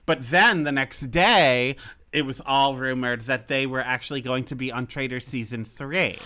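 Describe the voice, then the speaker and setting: A young woman co-hosting a podcast in casual chat, chatty and teasing, with quick asides. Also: extremely low pitch, fairly bright tone. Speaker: podcast co-host.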